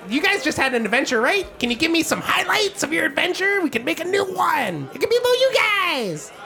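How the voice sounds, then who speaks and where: A game master voicing an excitable male gnome bartender in a tabletop game, pitched high and gushing, repeating 'yeah, yeah' as he pushes for a favor. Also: a little fast, gravelly, heavily acted. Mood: eager.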